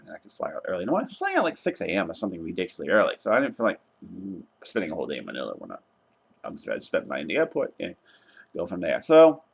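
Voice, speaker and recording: A young man vlogging casually, retelling a travel mishap in an exasperated, animated way and swearing now and then. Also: lowish voice, gravelly. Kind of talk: casual travel vlog rant.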